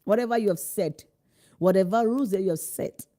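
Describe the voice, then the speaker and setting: A woman's voice: medium pitch, brisk, dark tone. A woman parenting coach giving emphatic, direct advice with rhetorical questions. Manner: acts out parents' and children's lines in changed voices. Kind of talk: instructional talk to parents.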